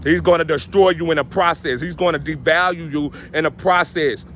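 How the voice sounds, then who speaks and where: Emphatic preachy man, slightly high voice. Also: a little fast, fairly bright tone, a little hiss or hum. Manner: emphatic and preachy, repeating stock phrases. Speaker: vlogger giving life advice. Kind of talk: casual motivational talk.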